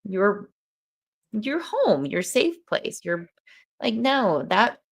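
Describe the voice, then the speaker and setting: A woman's voice: mid-range voice, big pitch swings, extremely slow. A woman hosting a podcast in casual chat, thoughtful and wry, often speaking in broken phrases. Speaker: podcast host.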